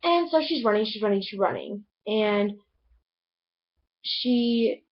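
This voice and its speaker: A woman's voice: mid-range voice, animated, slow pace, dull audio. Gushing young woman retelling a book. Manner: gushing, chatty retelling with many "like"s. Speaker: book reviewer. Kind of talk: casual book review vlog.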